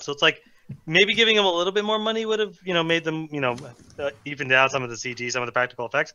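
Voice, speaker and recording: A man's voice: a little high, fast talker, bright, forceful tone, clean tone, muffled recording. A man co-hosting a casual chat show, joking and swearing freely.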